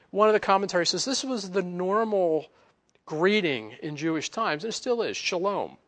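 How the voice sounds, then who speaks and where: A man giving a conversational Bible teaching, casual and animated, chuckling between points. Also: high voice, measured pace.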